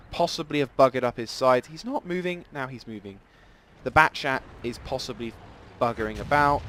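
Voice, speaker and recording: A man giving rambling, self-deprecating live commentary over a tank game, with sudden excited outbursts. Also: mid-range voice, a little hiss or hum. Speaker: gameplay commentator. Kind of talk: casual live gameplay commentary.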